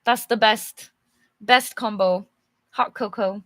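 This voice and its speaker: A native English-speaking woman teaching learners on a live stream, reading a storybook aloud and chatting with viewers, friendly and quick to laugh. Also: mid-range voice, steady tone, fairly bright tone, dry recording, clean studio sound. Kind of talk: slow, clear live teaching and read-aloud.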